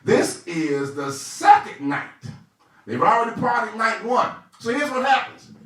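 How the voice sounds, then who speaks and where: A male pastor teaches Sunday school, retelling scripture with animated, conversational energy. His high voice swoops widely. It echoes heavily around the room, picked up from a distance. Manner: animated storytelling, conversational preaching.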